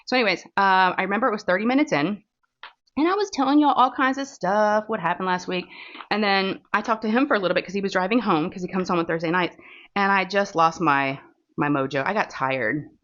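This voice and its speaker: A woman from Texas speaks a little fast in a mid-range, slightly bright voice as she hosts a crafting vlog. She rambles casually with fillers while diamond painting, and her phone mic gives a dull, lo-fi sound.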